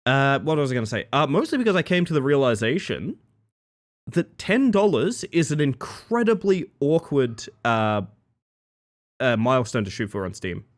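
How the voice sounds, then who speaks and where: A man's voice: medium pitch, big pitch swings, moderate pace. A man chatting casually with his live-stream chat, rambling playfully and greeting viewers by name.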